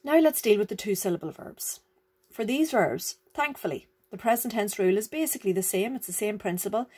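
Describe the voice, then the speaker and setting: A woman's voice: mid-range voice, lively intonation, fairly quick, a little mellow, husky. A woman, teaching a grammar lesson, explaining rules patiently and checking that the learner follows. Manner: patient, repeats rules, checks understanding with "right?" and "okay?". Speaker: Irish language teacher.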